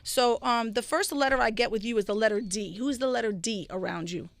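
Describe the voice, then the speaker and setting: A woman guest on a radio show, talking in a streetwise, slangy, animated way about her work as a psychic medium. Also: a little high, a little fast, creaky, dry recording. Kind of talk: casual radio chat. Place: radio studio.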